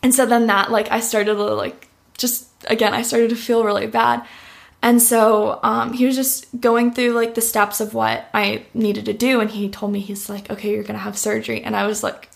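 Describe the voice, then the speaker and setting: A woman's voice: fairly high pitch, level tone, moderate pace, gravelly. A young woman giving a heartfelt personal testimony in an interview, with lots of "like" fillers. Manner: heartfelt, uses "like" often. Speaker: interview guest.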